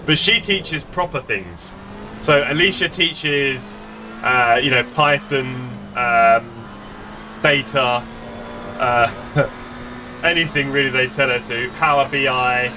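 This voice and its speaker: This middle-aged sim racer streams live from a gaming room at home, speaking slowly in a mid-range voice into a desk streaming mic. He chats casually with viewers, rambling and mocking himself, while the background is noisy.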